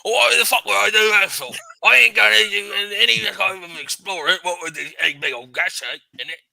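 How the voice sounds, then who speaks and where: A man's voice: sits high, a little fast, creaky, pushed and bright, dry recording, full character voice, rough recording. Man doing a crude, cheeky British dog-man. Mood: grumbling. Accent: mock British. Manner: cheeky, swearing, thick put-on accent. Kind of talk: tabletop game role-play.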